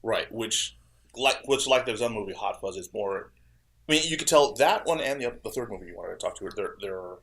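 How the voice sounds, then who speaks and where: A man's voice: on the low side, lively intonation, fairly quick, vocal fry, a bit bright. A man talking as a panel guest in casual chat, agreeable, often chiming in and repeating words. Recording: faint background noise.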